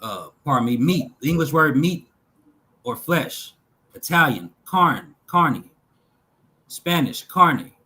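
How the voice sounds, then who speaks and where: Slow, deliberate man reading word lists. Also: fairly high pitch, lively intonation, bright, forceful tone, low-quality recording. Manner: slow, measured reading with pauses between list items. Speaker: talk show host reading linguistic examples.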